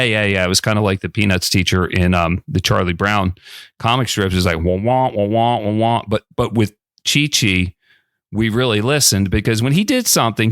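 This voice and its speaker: A man in his fifties hosting an interview, telling stories in a relaxed, chatty way with frequent restarts. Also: on the low side, no echo, clean studio sound. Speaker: podcast host. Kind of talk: conversational interview storytelling.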